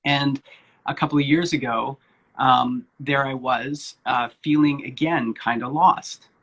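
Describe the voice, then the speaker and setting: A man's voice: medium pitch, fairly even intonation, a little slow, sharp tone, breathy edge. A man in his forties candidly telling his personal story as a guest speaker, informal and sprinkled with swearing. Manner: candid and informal, swears casually, many fillers. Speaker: guest speaker, spiritual coach.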